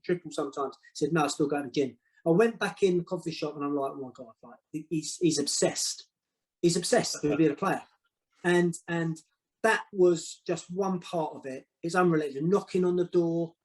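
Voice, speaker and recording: A man talking as a podcast guest, telling football stories in a casual, animated way, often repeating words and acting out what others said. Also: fairly high pitch, poor audio. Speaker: guest, former football manager. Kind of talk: casual storytelling.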